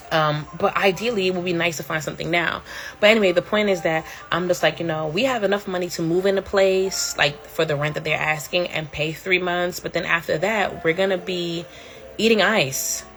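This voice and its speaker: A woman's voice: fairly low pitch, fairly bright tone. A middle-aged woman hosting a casual livestream from home, talking candidly in a slangy way and laughing often. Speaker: livestream host.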